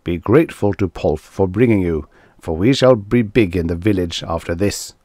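A man voicing a gruff, boastful male alien native, scornful in tone. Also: deep voice, moderate pace, warm tone, no echo, studio quality.

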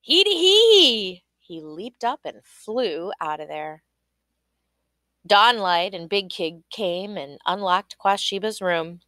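A woman reading a children's folk tale aloud in an expressive storytelling voice. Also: on the low side, takes it slowly, no room sound, clean studio sound. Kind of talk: storybook read-aloud narration.

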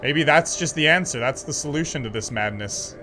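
A man commenting on a horror game as he plays, excitable and joking, talking back to the screen. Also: a little high, a little fast, slight background noise. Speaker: gaming channel host. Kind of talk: let's play commentary.

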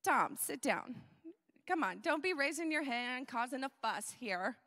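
Lady putting on blunt fed-up jesus, sassy, slow and bright, big hall echo. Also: high voice, expressive, heavily acted. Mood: exasperated. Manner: sassy, paraphrasing with attitude. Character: exasperated, blunt male Jesus, lowered voice.

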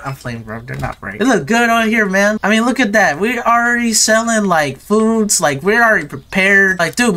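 A man giving casual, excitable gameplay commentary to his viewers, full of slang and rambling asides. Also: a little high, a little hiss or hum. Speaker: gaming video creator.

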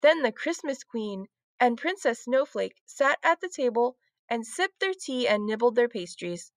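A woman teacher reading a children's book aloud, with clear, expressive storytelling. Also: a little high, a little slow, no echo.

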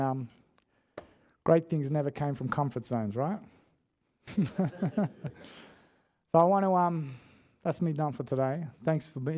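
A man's voice: fairly high pitch, mellow. A man preaching a casual sermon in church, telling stories in a chatty, slangy way with lots of restarts. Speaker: guest preacher.

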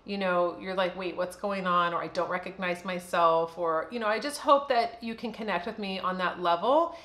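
A woman's voice: on the low side, moderate pace, fairly bright tone, roomy sound. A woman in her fifties talking candidly and casually to camera as a beauty vlogger, chatty and full of fillers.

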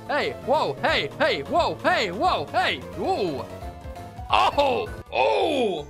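A man reacting to memes in casual chat, loud and exclamatory, swearing and laughing often. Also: high voice, big pitch swings, takes it slowly, over music. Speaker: meme reaction host.

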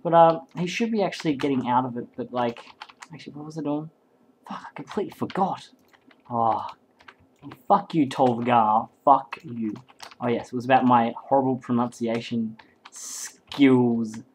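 A man commentates a game in an excitable, rambling stream, swearing freely as he goes. His voice sits at an ordinary middle pitch. Faint keyboard clicks tap away behind him. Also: normal speed, slight background noise, rough recording. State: hyped up and sleep-deprived. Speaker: game caster.

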